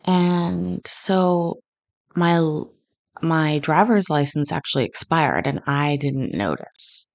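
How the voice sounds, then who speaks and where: A woman's voice: deep voice, lively intonation, takes it slowly, vocal fry. Chatty Canadian woman, rambling story. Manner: rambling, lots of fillers and restarts. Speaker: host. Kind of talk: casual storytelling chat. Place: home kitchen.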